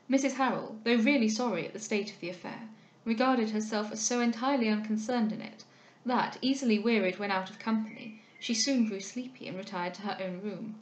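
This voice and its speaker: Woman reading a classic novel aloud. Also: mid-range voice. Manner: measured, steady narration. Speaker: audiobook reader. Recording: roomy echo.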